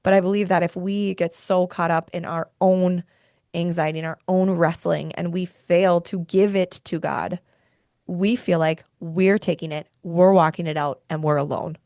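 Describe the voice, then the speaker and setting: A woman's voice: on the low side, steady tone, normal speed, a little mellow, no echo, studio quality. A woman hosting a faith and wellness podcast, speaking earnestly and with feeling, often worked up about her point. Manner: earnest, heartfelt, gets worked up. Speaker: podcast host. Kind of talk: faith-based wellness talk.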